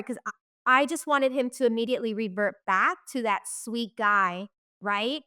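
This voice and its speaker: A woman's voice: high-pitched, fairly even intonation, normal speed, bright, forceful tone, smooth, no room sound, clean studio sound. A young woman candidly recounting her own story in an interview, swearing freely and acting out what others said. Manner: candid, swears freely, acts out quoted voices. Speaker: guest telling her life story.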